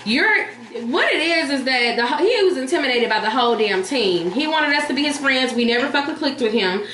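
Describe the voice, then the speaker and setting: A woman vlogger telling a story in casual, animated chat, blunt and profane, talking straight to her viewers. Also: sits high, a little fast. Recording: echoey room with faint hiss.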